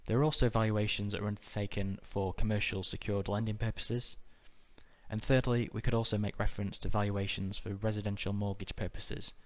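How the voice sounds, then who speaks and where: A man narrating a scripted exam-prep lesson in a measured, methodical way. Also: on the low side. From United Kingdom. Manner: measured, even, methodical delivery. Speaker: exam tutor.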